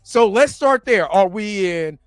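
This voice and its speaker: A man's voice: high voice, animated, a little slow, soft background music. A man co-hosting a casual livestream chat, laughing and protesting a lot. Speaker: co-host.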